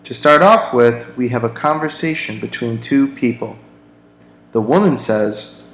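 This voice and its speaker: A male ESL teacher reads a short example dialogue to learners. He speaks very slowly and carefully, at a middle pitch. The room around him is echoey. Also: lively intonation. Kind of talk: grammar lesson for English learners.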